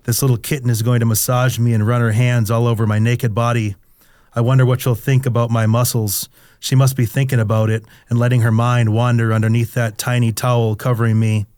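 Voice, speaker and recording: A man's voice: medium pitch, flat delivery, a little fast, a little mellow, dry recording. Man, middle-aged, memoir reading, confessional and blunt, dry close sound. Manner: candid, crude, confessional narration. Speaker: author reading his memoir. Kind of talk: first-person memoir reading.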